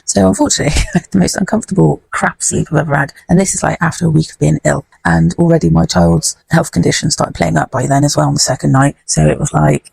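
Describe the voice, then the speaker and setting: A woman's voice: low-pitched, gravelly, mellow, breathy edge, no room sound. A woman hosting a podcast, telling a story in a blunt, sweary, rambling way. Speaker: podcast host. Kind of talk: casual podcast chat.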